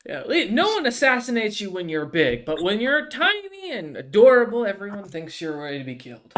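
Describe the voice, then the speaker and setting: A man's voice: high voice, wildly swooping pitch, brisk, fairly bright tone, a little hiss or hum, pitched above the performer's own voice, exaggerated voice. Man doing a tiny brash noblewoman. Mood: indignant. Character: tiny adorable noblewoman, brash and party-loving.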